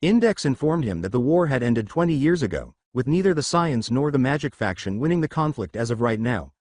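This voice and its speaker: A man narrating a fan fiction story in an even storytelling manner. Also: mid-range voice, fairly quick.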